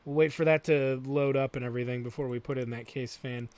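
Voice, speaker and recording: A man's voice: medium pitch, fairly even intonation, a little fast, vocal fry, few pauses, over music. A man hosting a let's play, thinking aloud as he plays and swearing freely. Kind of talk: gameplay commentary.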